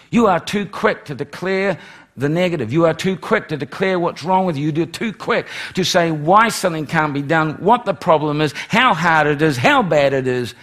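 A middle-aged man preaching a sermon, animated, swinging from loud exclamations to hushed, pleading lines. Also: fairly high pitch. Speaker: pastor.

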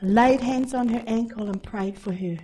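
High-voiced woman telling a sermon story. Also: moderate pace, slight background noise, poor audio. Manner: animated storytelling, acts out dialogue. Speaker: preacher. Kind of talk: sermon testimony.

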